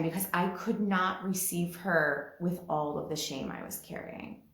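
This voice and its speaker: A woman giving a reflective spiritual talk, speaking softly and from the heart, with a tender, emotional edge. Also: lowish voice, steady tone, reverberant. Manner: slow, soft and heartfelt, growing emotional.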